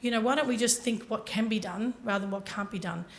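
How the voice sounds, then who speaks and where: A woman's voice: a little high, fast talker, slight background noise. A woman giving a motivational talk to a conference audience, telling her story earnestly and speaking directly to the listeners. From Ireland.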